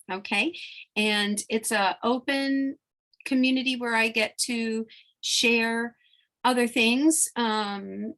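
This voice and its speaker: A woman hypnotherapist chatting casually to her followers, emotional and rambling, often breaking off mid-sentence. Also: on the high side. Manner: emotional, rambling, self-interrupting. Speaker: spiritual hypnotherapist. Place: New York.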